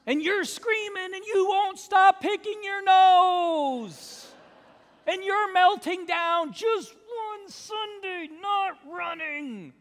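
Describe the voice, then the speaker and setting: A man voicing a frazzled, exasperated father who shouts at his family in slow, drawn-out words. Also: extremely high pitch, pitched above the performer's own voice, exaggerated voice. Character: frazzled shouting father, middle-aged, at wits' end. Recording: long hall reverb.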